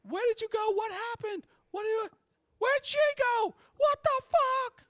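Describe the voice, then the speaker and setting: A man's voice: very high-pitched, measured pace, fairly bright tone, no echo, clean studio sound, pitched above the performer's own voice. A man voicing a frantic, foul-mouthed young woman who shrieks and swears in exasperation.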